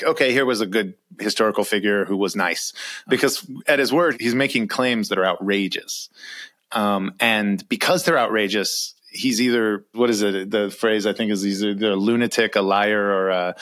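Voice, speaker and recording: A young adult man with an American accent, reflecting earnestly in an interview with an occasional soft laugh. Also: lowish voice. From Iran. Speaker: author and guest.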